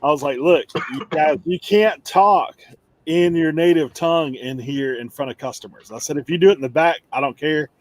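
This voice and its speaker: A man from the United States telling a laid-back story in casual stream chat, his voice sitting a little high for a man. The sound is dry and close, with no room to speak of. He laughs easily as he goes. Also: moderate pace, no echo.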